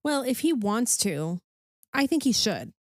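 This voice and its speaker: A woman's voice: a little high, big pitch swings, a little slow, no room sound, studio quality. A woman co-hosting a podcast in casual chat, bubbly and enthusiastic, with lots of "um" and "like". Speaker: podcast co-host.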